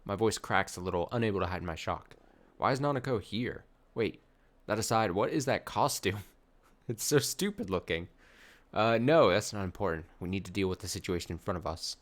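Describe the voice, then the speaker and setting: Let's-play host: low-voiced man, reads the game text, sarcastic asides. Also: animated, a little fast. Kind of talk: reading game dialogue aloud with commentary.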